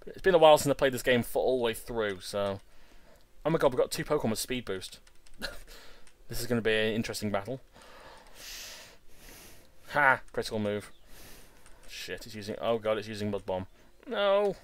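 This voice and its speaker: A man hosting a game video, giving casual, excitable commentary that stumbles over repeated words and restarts. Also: fairly low pitch, brisk, long pauses. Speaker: Let's Play host.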